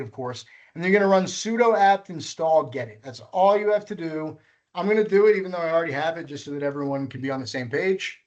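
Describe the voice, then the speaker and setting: A workshop instructor with a slightly high voice, recorded with lo-fi sound, leads a live coding workshop. He patiently walks through each step, correcting himself as he goes.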